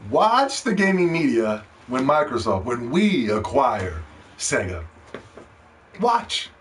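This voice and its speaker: A man hosting a gaming podcast, ranting and pleading, dropping to hushed begging and then rising to shouts. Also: mid-range voice, sing-song, unhurried. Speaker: podcast host.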